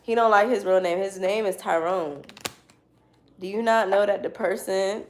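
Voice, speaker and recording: A woman's voice: mid-range voice, moderate pace, slight background noise. A young woman telling a casual story to her viewers, loose and slangy, with frequent swearing and laughter. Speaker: tarot reader.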